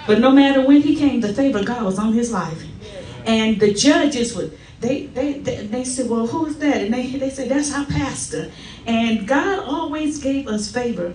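A middle-aged woman tells personal stories at a church service, animated and acting out the quoted voices. Her voice sits somewhat high. She is caught from far off in a roomy, echoing sanctuary with a faint murmur underneath. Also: moderate pace, a little hiss or hum. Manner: lively storytelling, acting out quotes. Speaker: church member giving a tribute.

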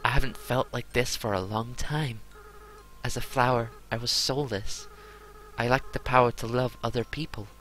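A man reading aloud the lines of a remorseful young goat monster boy, in a soft, earnest, apologetic way. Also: mid-range voice, fairly even intonation, normal speed, a little hiss or hum, close to an everyday voice, poor audio. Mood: tender. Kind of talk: reading game dialogue aloud.

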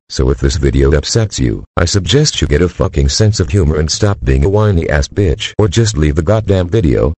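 A male computer voice reads a scripted warning in a flat, matter-of-fact way. It is extremely deep and husky, and the sound is completely dry. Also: no room sound. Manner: flat, insulting warning delivered matter-of-factly. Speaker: disclaimer narrator. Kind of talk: scripted synthesized narration.

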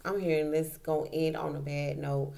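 A woman's voice: low voice, flat delivery, normal speed, gravelly, warm tone, slight background noise. A woman doing a casual tarot reading, talking in a colloquial way and repeating her points for emphasis. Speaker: tarot reader.

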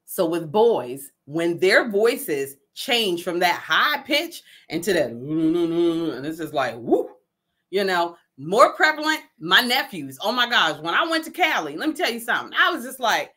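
Woman host, middle-aged, from new jersey, forceful bright tone, folksy, emphatic, laughs often. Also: fairly low pitch, measured pace. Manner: laughs often, lively asides; says her voice carries and commands attention. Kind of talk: casual motivational talk.

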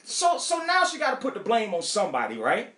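A woman pastor teaching a Bible study in an animated way, asking rhetorical questions and spelling out words. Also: on the high side, brisk, reverberant.

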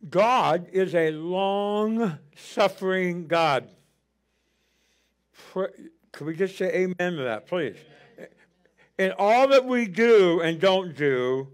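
A middle-aged male pastor delivering a sermon in a notably high voice. He talks through a personal story with fervor and builds to near shouting at the height of his points. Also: animated, takes it slowly.

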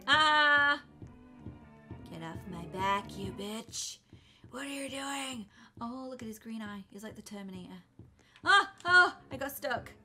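A young woman giving flustered, excitable commentary while playing a game, often breaking into screams. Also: on the high side, normal speed, faint music behind. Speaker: gaming YouTuber. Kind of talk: let's play commentary.

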